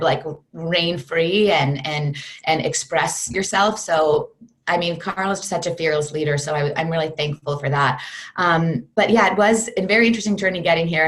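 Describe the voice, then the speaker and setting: Guest, woman, low-pitched and earnest, reflective storyteller on a video call. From United States. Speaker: guest, fitness program creator.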